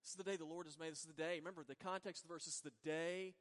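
A man pastor preaching a sermon in earnest, moving between soft, drawn-out words and emphatic lines. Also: fairly high pitch, steady tone. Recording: long reverb of a large hall.

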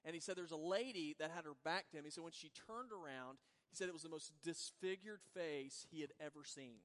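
A man preaching a sermon with a slightly raised voice, swinging from quiet, lingering words to firm emphasis. His voice carries a long reverb, like a big church sanctuary. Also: a little high, fairly quick. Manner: earnest preaching, swings between soft and emphatic. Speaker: pastor. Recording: long reverb of a large hall.

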